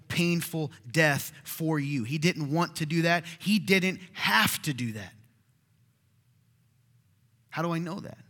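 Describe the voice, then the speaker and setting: A man preaches in a loose, talkative way, like he's chatting with his congregation, and he sometimes sinks to a near whisper for emphasis. His voice sits at an ordinary middle pitch. A long reverb trails behind his words as they fill a church hall. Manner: conversational and animated, drops to hushed tones. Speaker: pastor. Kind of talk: sermon.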